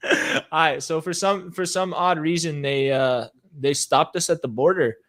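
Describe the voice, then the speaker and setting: A man's voice: fairly high pitch, fairly even intonation, unhurried, fairly bright tone. A man co-hosting a casual podcast, telling a funny road-trip story in a laid-back way, laughing often and calling his friends bro. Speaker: podcast co-host.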